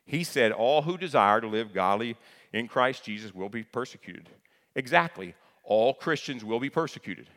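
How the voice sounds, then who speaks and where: A man's voice: medium pitch, animated, normal speed, a bit bright. A man preaching a sermon as pastor, conversational and plain-spoken, often repeating key phrases for emphasis. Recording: long hall reverb.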